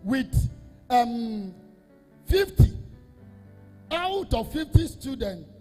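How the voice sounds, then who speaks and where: A man, a Catholic priest, preaching an emphatic sermon that repeats phrases and swells into half-sung, shouted lines. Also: high voice, expressive, unhurried, in a large hall, faint music behind.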